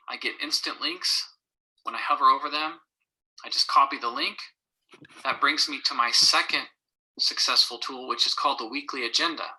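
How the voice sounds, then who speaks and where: Bright-voiced man presenting teaching tips. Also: medium pitch, low-quality recording. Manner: clear, methodical, lists points in order. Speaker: fifth grade teacher.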